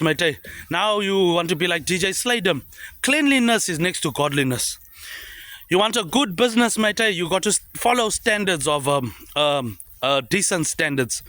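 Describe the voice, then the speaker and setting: A man delivering a rambling, repetitive monologue, tagging lines with a low "mate, eh". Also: bright, forceful tone, no echo. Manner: repetitive, trailing "mate, eh" tags dropped low. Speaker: vlogger.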